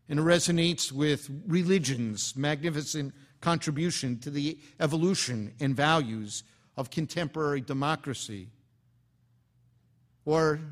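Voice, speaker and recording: A man delivering a formal, impassioned speech, rising in emphasis on key words and dropping quietly at the ends of phrases. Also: a little high. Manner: impassioned, oratorical cadence. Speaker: speaker.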